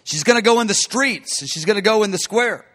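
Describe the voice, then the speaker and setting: A man's voice: sits high, lively intonation, brisk, pushed and bright. A man preaching a sermon in an emphatic way, calling his listeners "beloved.".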